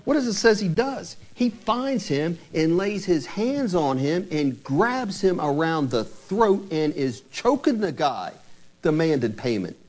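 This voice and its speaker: A married man preaching a sermon in an animated way, asking many rhetorical questions and retelling scripture. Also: a little high, slow pace. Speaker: pastor.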